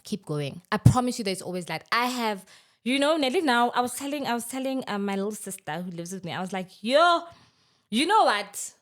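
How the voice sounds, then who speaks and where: A woman, talking heartfelt and animated as a podcast guest. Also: mid-range voice, fast talker. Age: 30s. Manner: animated, heartfelt, mixes in Sesotho phrases. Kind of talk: podcast interview.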